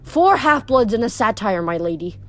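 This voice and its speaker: A woman's voice: on the high side, very animated, normal speed, faint music behind. A woman voicing a stern young huntress who barks orders in battle. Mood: commanding. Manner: commanding, sharp.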